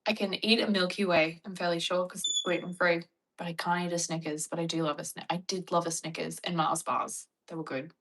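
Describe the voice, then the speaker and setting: A young Australian woman chatting casually and bluntly with her viewers, joking and acting out animated retellings. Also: on the low side, fairly quick, rough recording. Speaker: vlogger. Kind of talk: casual chat reacting to viewer comments.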